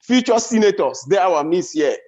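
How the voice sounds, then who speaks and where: Nigerian Pidgin stand-up man, high voice, lively swoops, dull lo-fi event sound. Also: moderate pace. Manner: animated storytelling, big pitch swings. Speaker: comedian. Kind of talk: stand-up comedy.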